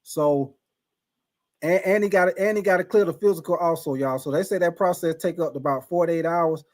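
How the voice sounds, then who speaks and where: A man's voice: a little high, fairly quick, darkish tone. A man hosting a casual live stream, reading chat and greeting viewers by name, with frequent restarts and stumbles over names.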